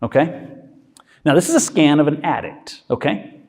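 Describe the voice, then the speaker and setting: Lively male doctor lecturing in a hall. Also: a little high, gravelly. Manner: checks in with listeners with frequent "okay?"; acts out inner voices in quick asides. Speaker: physician lecturer. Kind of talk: conversational lecture.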